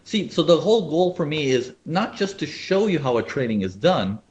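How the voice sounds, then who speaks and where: A man's voice: a little high, moderate pace, highs cut off. A man running a live webinar on trading, explaining charts and often checking whether viewers follow. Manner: animated, asks viewers often. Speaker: trading educator.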